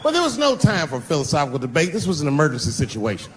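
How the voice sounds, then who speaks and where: A man's voice: on the high side, wildly swooping pitch, very fast, fairly bright tone, a little hiss or hum. A middle-aged man doing stand-up comedy on stage, telling a story and acting out both sides of a phone call. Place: comedy stage before a live audience.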